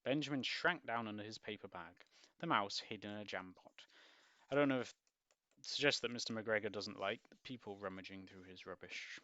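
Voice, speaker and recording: A man's voice: on the low side, fairly quick, pushed and bright, no echo, highs cut off. A man reading a picture book aloud and breaking off for wry, musing asides with hesitant ums. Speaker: book reviewer.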